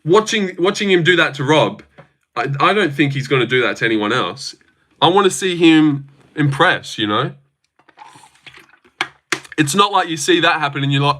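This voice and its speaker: A man's voice: on the high side, expressive, moderate pace, long pauses, bright, forceful tone. A man streaming live, answering chat in a blunt, opinionated, casual way and swearing often, while putting on a fake voice. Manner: says he is using a fake voice.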